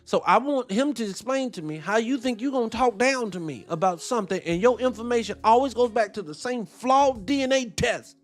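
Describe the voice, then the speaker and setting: A man's voice: very high-pitched, fairly bright tone. A man giving heated, profane reaction commentary, firing off rhetorical questions.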